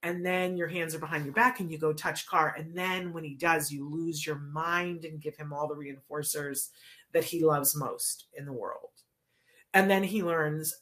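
A woman's voice: low voice, fairly even intonation, normal speed, fairly bright tone. A woman explaining a teaching method in a casual, chatty way, often checking in with "right?".

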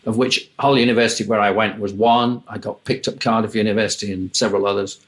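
An older man spins wry, lively tales from his years in the music business. He slips into other people's voices as he quotes them, with the easy pacing of an interview guest. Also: lowish voice, fast. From England. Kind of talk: anecdotal interview storytelling.

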